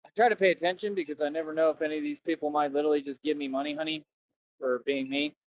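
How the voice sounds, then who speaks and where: A man's voice: a little high, fairly even intonation, very fast, phone-quality sound. A man livestreaming outdoors near a road, rambling and repeating himself as he chats to viewers. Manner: rambling and repetitive, keeps saying "that's right". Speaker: livestreamer asking viewers for donations. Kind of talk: casual rambling livestream chat.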